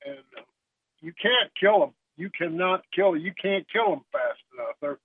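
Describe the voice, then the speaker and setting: A man's voice: high voice, expressive, normal speed, husky, dry recording. A man from West Texas with a Texan accent, calling in and telling a story in a folksy way with many fillers. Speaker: caller. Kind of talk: casual storytelling on a radio show. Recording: tinny phone line.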